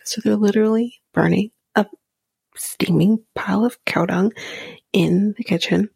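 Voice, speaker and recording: Woman host, casual recap chat, blunt and profane, gravelly fry, dry close sound. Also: mid-range voice, a little slow, no echo. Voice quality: breathy, often half-whispered. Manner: blunt, profane, animated retelling. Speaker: podcast host recapping a reality show.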